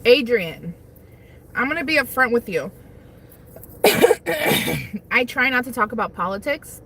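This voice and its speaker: A woman's voice: on the high side, sing-song, slow pace, vocal fry, fairly bright tone, a little hiss or hum. A young woman hosting a casual livestream on her lunch break, rambling while she eats and reads chat. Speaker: livestream host. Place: parked car on lunch break.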